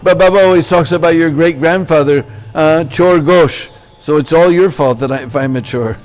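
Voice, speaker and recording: A man's voice: fairly high pitch, normal speed, darkish tone, lightly acted. A man voicing a naughty little boy in a told story, pleading and then cheeky. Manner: whiny, pleading.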